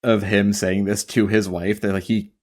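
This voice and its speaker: A man's voice: on the low side, level tone, moderate pace, darkish tone. A man co-hosting a podcast in casual chat, blunt and swearing freely, with many "like"s. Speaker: podcast co-host.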